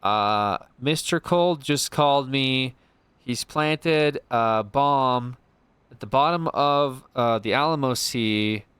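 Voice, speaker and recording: A man voicing an unflappable male police sergeant giving a slow, matter-of-fact radio report. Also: mid-range voice, a bit bright, clean tone, no room sound. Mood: deadpan.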